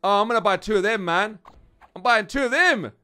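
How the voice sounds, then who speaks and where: A British man with a high, smooth, clear voice chats excitably while he plays a mobile game. He talks straight to his viewers as he goes, in a relaxed commentary. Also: fairly quick, faint music behind. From United Kingdom. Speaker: gaming channel host. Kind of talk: casual gameplay commentary.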